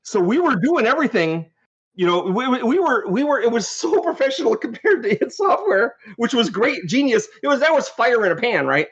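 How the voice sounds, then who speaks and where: High-voiced man telling animated stories. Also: fairly quick, slightly rough, dull audio. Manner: animated, rambling storyteller who restarts sentences. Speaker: podcast guest, game designer. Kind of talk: casual anecdotal storytelling.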